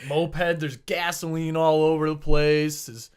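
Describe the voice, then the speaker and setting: A young man, a podcast guest, casually telling an animated story and swearing freely. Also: fairly high pitch, slow pace, smooth. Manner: animated, swears freely, acts out shouted quotes.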